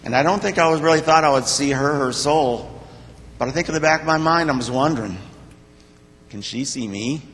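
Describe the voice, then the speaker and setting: An older man giving a personal testimony to a church congregation, speaking in a plain, halting, heartfelt way. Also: a little high, a bit bright. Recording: long reverb of a church hall.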